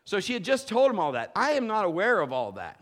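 A man preaching a sermon, telling lively personal stories and acting out the voices of the people in them. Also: high voice, fast talker. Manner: animated storytelling, playful quoted voices. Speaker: pastor.

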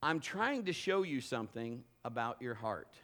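A middle-aged man preaching a sermon in a church service, telling personal stories with loud bursts and quiet asides. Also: moderate pace. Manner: animated storytelling, swinging between loud bursts and low asides. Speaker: pastor.

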